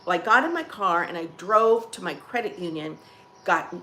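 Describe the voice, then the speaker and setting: A woman's voice: fairly low pitch, sing-song, moderate pace, pushed and bright, a little hiss or hum. A woman hosting a casual coffee-chat vlog, rambling and chatty as she tells stories to her viewers. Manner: rambling, chatty, restarts and trails off. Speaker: vlog host.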